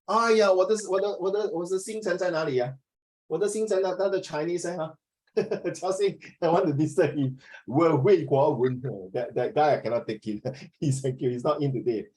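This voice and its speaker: A man's voice: a little high, moderate pace, a little mellow, rough recording. Chatty Singaporean man tutoring online. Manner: rambling, chatty, sprinkles "ah" and "lah", code-switches into Mandarin. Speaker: social studies tutor. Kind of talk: online class lecture.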